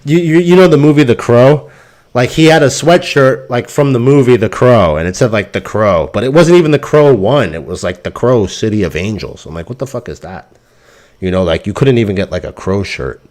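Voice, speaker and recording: Male stream host, mid-pitched, very animated delivery, loose, cussing, exasperated storytelling. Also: fairly quick. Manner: ranting, exasperated. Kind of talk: casual rambling monologue.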